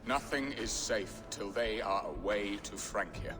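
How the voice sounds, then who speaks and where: A man's voice: on the low side, a little slow, sharp tone, in a large hall, soft background music. A man voicing a hearty, sly Danish jarl in a video game. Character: jovial Danish jarl, crafty schemer.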